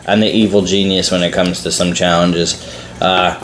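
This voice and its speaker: A man's voice: sits low, little pitch movement, normal speed, a bit bright, slight background noise. Laid-back man in an echoey room. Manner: laid-back, rambling with fillers. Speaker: challenge channel host. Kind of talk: casual chat.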